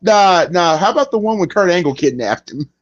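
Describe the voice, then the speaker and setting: A man's voice: high voice, fairly quick, heavy background noise. A man hosting a podcast, chatting casually about wrestling and acting out the wrestlers' lines as he tells the stories. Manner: animated storyteller, acts out wrestlers' lines with big voice swings. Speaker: podcast host. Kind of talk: casual wrestling recap chat. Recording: dull lo-fi sound.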